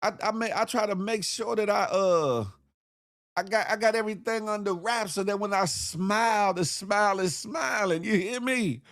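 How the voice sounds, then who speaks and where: Joking through comedic news commentary on his morning show, a man speaks in a high-sitting voice at normal speed, animated and slangy, with plenty of repetition.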